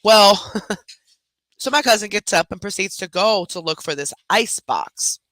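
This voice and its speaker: A woman host telling a family story in a casual, animated chat, swearing freely as she goes. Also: mid-range voice, unhurried, dry recording.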